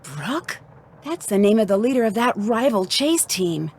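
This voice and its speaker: A woman's voice: mid-range voice, very animated, measured pace, a little hiss or hum. An actress voicing a curious young woman detective in a video game, thinking aloud as she investigates.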